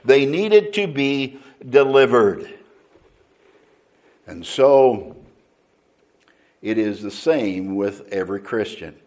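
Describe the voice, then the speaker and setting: Slow, deliberate male preacher. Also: medium pitch, very animated, a little mellow, dull audio. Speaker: pastor. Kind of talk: sermon.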